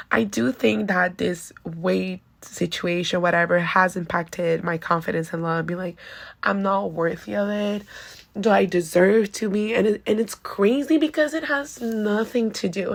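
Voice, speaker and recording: Candid woman host with a gravelly edge. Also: medium pitch. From Venezuela. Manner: candid and chatty, heavy use of "like". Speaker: podcast host. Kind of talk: casual personal monologue.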